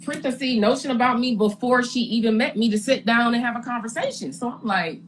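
Blunt, animated woman telling her side. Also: a little high, brisk, few pauses, slight background noise, poor audio. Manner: animated, re-enacts her own and others' words, blunt slang. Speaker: reality TV personality giving her side. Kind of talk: candid storytelling interview.

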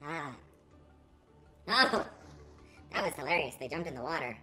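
A woman's voice: low voice, animated, unhurried, bright, forceful tone, soft background music, low-quality recording. A woman hosting a let's play, commenting with theatrical, melodramatic mock outrage. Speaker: gaming channel host.

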